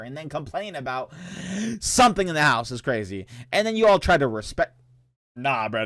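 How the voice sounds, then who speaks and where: A man's voice: medium pitch, expressive, fairly quick, a bit bright, dry recording. Laid-back young man doing slangy commentary. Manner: laid-back slangy commentary, laughs often, reads posts aloud. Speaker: reaction streamer. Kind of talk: casual reaction commentary.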